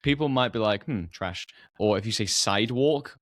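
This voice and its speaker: A man's voice: mid-range voice, brisk, no room sound, studio quality. A young British man hosting a podcast, chatting casually about English accents, with frequent fillers and restarts. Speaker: podcast host.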